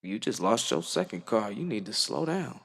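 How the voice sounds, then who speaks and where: A man voicing his mother as she bluntly scolds her son and tells him to slow down. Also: on the low side, sing-song, vocal fry, a bit bright, slightly rough, in a large hall, full character voice. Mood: scolding. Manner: blunt, pointed questioning.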